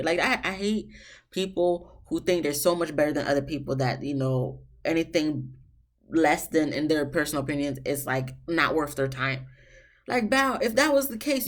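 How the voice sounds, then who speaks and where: Woman reviewer, casual recap, sassy and exasperated, lowish voice. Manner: sassy, exasperated, swings high for emphasis. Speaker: reality show reviewer.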